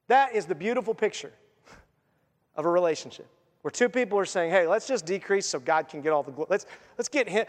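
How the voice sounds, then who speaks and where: A man's voice: high-pitched, expressive, fairly quick, big-room sound. A man preaching a sermon as a pastor, earnest, and voicing the people he quotes.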